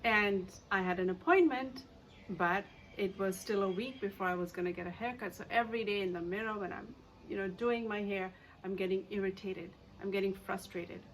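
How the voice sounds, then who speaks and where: A woman's voice: medium pitch, steady tone, normal speed, a little hiss or hum, low-quality recording. Conversational woman coach talking to camera. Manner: conversational, many fillers and anecdotes. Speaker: EFT coach and author. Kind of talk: casual talk to camera.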